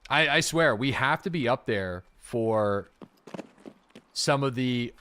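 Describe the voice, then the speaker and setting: A man's voice: medium pitch, slow, clean tone. A man streaming a game live, chatting casually with his viewers and thanking subscribers by name. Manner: relaxed and chatty, with frequent fillers and asides to chat. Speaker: livestreaming gamer and host.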